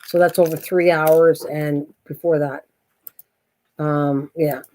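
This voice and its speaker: A woman's voice: sits low, steady tone, takes it slowly, mellow. An older woman hosting a craft channel on a live stream at home, chatting in a rambling, self-mocking way and laughing easily.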